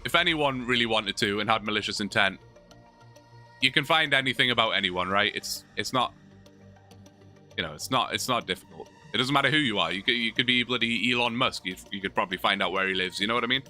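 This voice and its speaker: A man's voice: lowish voice, fast talker, pushed and bright, soft background music. A British man from England, chatting casually and joking with viewers during a live gaming stream. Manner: chatty, joking, many restarts.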